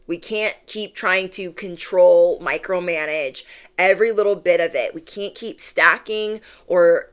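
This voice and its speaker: A young woman talking casually to her viewers during a spiritual tarot reading, rambling and filling her talk with asides and quoted lines. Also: lowish voice. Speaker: tarot reader.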